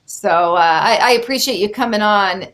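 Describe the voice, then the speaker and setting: A woman hosting a casual interview show, talking in an animated, opinionated way, getting worked up and teasing her guest. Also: mid-range voice, moderate pace. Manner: teasing, joking. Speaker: show host.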